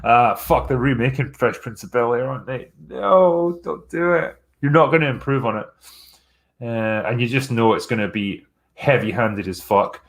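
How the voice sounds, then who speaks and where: A man's voice: medium pitch, fairly even intonation, normal speed. A man hosting a live stream, chatting casually through viewer messages in a blunt, sarcastic way with plenty of swearing.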